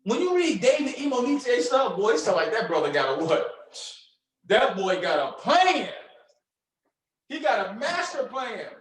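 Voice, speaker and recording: Energetic high-voiced male coach. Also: measured pace, long pauses, roomy sound, rough recording. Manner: energetic, preachy, uses slang and call-and-response questions. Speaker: trading mentor. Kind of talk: motivational coaching talk.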